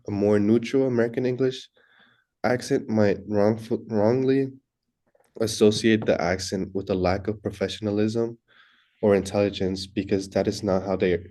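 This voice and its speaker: A man's voice: on the low side, fairly even intonation, moderate pace, warm tone. A young man reading a class presentation from a script, stumbling and restarting words now and then. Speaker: student presenter.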